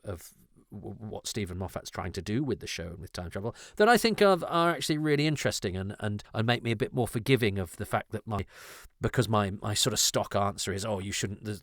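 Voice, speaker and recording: A man's voice: lowish voice, fairly bright tone, no room sound, studio quality. A middle-aged man hosting a podcast, talking in a thoughtful, digressive way with frequent restarts. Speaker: podcast host. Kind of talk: conversational podcast discussion.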